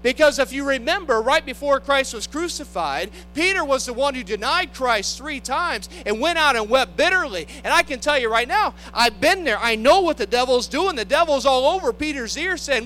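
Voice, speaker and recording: A man's voice: very high-pitched, animated, normal speed, few pauses, pushed and bright, slight background noise, low-quality recording. A man preaching a sermon, impassioned, acting out the voices he quotes.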